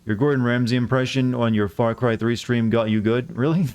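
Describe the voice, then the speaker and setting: A man's voice: mid-range voice, fairly even intonation, brisk, a little mellow, smooth. A man chatting casually while streaming a game, rambling and joking at his own expense, full of fillers and restarts. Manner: rambling, self-deprecating joker with many fillers and restarts. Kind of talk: casual live-stream chat while playing.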